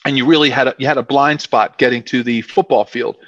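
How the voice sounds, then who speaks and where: A man's voice: mid-range voice, fairly even intonation, a little fast, fairly bright tone, no echo. A man, a former football player telling long rambling stories in an interview, full of fillers. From South Philadelphia, USA. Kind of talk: casual storytelling interview. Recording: dull dry muffled audio.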